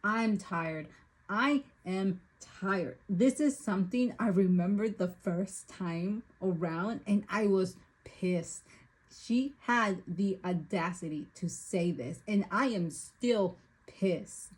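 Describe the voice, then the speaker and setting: A woman talks through a book she has been listening to, retelling events and then venting her frustration at the lead character. Her voice has a faint husky edge. She speaks at an unhurried pace, even as the rant builds. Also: mid-range voice, poor audio. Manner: exasperated, ranting at the plot. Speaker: book reviewer. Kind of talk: spoken book review and recap.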